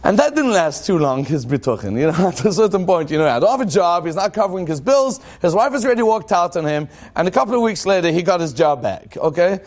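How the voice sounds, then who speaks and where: A rabbi giving a lively, joking religious talk to a live audience, questioning them and acting out what people say. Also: male voice, high-pitched, quick pace, few pauses. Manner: animated and joking, acts out quoted thoughts in a dramatic voice.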